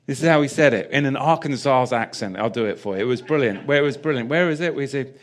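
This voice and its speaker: A man's voice: medium pitch, lively intonation, fast, few pauses. Chatty man preaching. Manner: chatty, self-deprecating, jokey asides. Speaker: pastor. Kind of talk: sermon.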